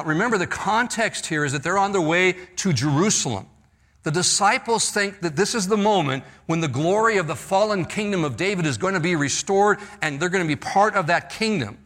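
Man, preacher, sermon, bright forceful voice, slightly high, acts out quotes. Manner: expository preaching, reads scripture with emphasis; acts out quoted lines, laughs lightly. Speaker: pastor.

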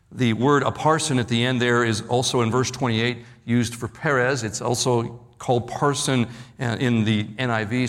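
A man preaching a sermon in an emphatic, measured way, slowing down and dropping his voice on key words. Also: mid-range voice. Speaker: pastor. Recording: long hall reverb.

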